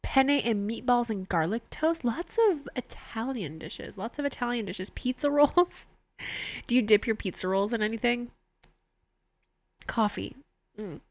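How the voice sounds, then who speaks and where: Watching a wrestling show on her live stream, a young woman chats casually with viewers, often laughing as she reads out what they send. She talks a little slowly, her slightly high voice full of lively intonation, with no room sound.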